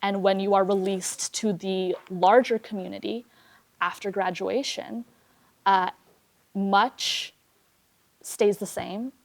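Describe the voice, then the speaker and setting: A woman's voice: medium pitch, steady tone, slow pace, long pauses. A woman who teaches theater, giving earnest, candid advice to students in an interview. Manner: earnest, candid, with small laughs. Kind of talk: interview answer.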